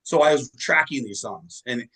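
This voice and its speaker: Man, musician guest, rambling casual storytelling, bright forceful tone, swears a lot. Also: mid-range voice, moderate pace, husky, poor audio. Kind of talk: casual interview chat.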